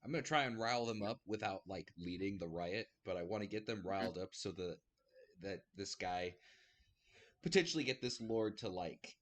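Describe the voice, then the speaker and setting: A man's voice: lowish voice, lively intonation, moderate pace, a bit bright. A man playing a tabletop game, casually talking through his plans at length. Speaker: player.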